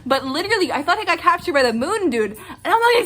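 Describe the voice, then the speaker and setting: A young woman with a high voice, talking straight to her viewers in a loose, rambling rant. She gushes and trails off mid-sentence, full of fillers and quick restarts. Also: a little hiss or hum. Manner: excitable, gushing, rambling with fillers. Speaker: vlogger. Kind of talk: casual reaction rant.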